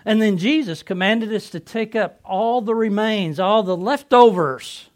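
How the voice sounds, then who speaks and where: A man playing excitable fisherman Peter, high-voiced. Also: a little slow. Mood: earnest storytelling. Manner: earnest, excitable storyteller. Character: Simon Peter, impulsive adult fisherman apostle. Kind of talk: first-person dramatic monologue.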